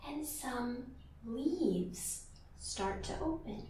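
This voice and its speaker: A woman teaching a yoga class for small children, guiding them in a slow, gentle and playful way, with sung lines and animal sounds. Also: a little high, lively intonation, reverberant, recorded from a distance.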